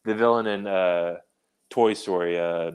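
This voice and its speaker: A man's voice: low-pitched, steady tone, unhurried, clean tone. A man co-hosting a podcast, blunt and sarcastic in casual chat, with "like" scattered through his talk. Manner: blunt, sarcastic, says "like" a lot. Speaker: podcast co-host.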